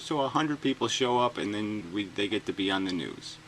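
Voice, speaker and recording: A man's voice: lowish voice, moderate pace, hardly any pauses, fairly bright tone, slight background noise, rough recording. A man reading news items aloud and cutting in with sarcastic, profane mocking asides. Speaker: commentator reading news stories. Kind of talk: sarcastic comedic rant.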